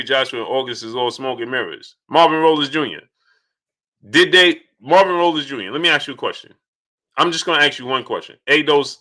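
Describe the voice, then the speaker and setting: Bright, animated man hosting a stream. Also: mid-range voice. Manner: animated, repeats phrases, shouts out viewers. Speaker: live stream host. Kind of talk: casual live-stream chat reading super chats.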